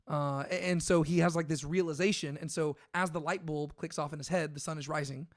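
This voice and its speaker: Fairly quick and with hardly any pauses, a podcast co-host reasons aloud through a laid-back Bible discussion, packed with fillers, restarts, and self-corrections. His voice is a bit higher than most men's and fairly even in intonation, recorded close and dry with no echo.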